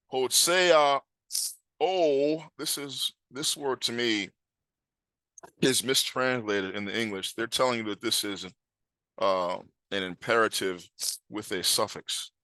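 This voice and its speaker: A man's voice: mid-range voice, sharp tone, dry recording. Man, scripture teacher, emphatic, questioning, dry close sound. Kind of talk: scripture class.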